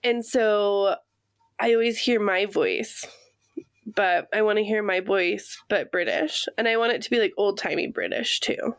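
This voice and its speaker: A woman's voice: medium pitch, unhurried, clear, resonant tone, no echo. Chatty American woman, dry close sound. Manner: chatty, laughs often, enthusiastic. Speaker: podcast co-host. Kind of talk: casual chat. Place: her room at home.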